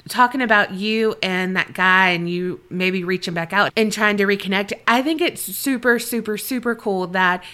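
A woman's voice: medium pitch, normal speed, hardly any pauses, pushed and bright. A woman co-hosting a podcast, chatting candidly and reading out listener stories, swearing freely and laughing often. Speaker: podcast co-host.

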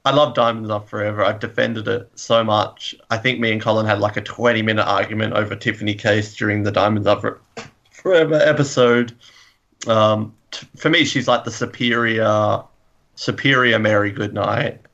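A man's voice: lowish voice, fairly even intonation, moderate pace, creaky, fairly bright tone, highs cut off. A man co-hosting a podcast, chatting casually and enthusiastically, often laughing. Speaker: podcast co-host. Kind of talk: casual chat.

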